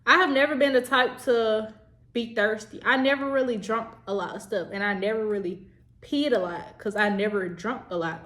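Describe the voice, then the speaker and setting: A woman's voice: on the high side, normal speed, fairly bright tone. A young adult woman vlogging in a casual, rambling chat to the camera, repeating herself and talking straight to her viewers. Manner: rambling, chatty, repeats herself, says "y'all".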